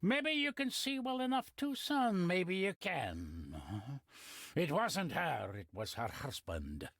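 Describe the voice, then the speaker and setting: A gruff old Scottish man in a video game, his voice gravelly and husky. He speaks slowly with wildly swooping pitch, dropping cryptic, ominous hints in a close, dry sound. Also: very animated, fairly bright tone, no room sound, exaggerated voice. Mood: knowing. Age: older. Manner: folksy dialect, ominous hints.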